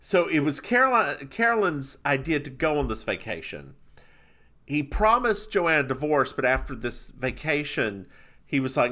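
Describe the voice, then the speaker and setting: Lively, bright-voiced male podcast co-host. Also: a little high, moderate pace. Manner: playful, giggly, mock-dramatic retelling. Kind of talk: casual chat recapping a TV episode.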